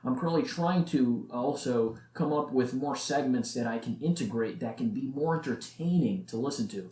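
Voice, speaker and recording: Young man, late teens, podcast host, earnest motivational talk, middle pitch, roomy echo. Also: moderate pace, warm tone. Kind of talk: solo podcast monologue. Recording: echoey room.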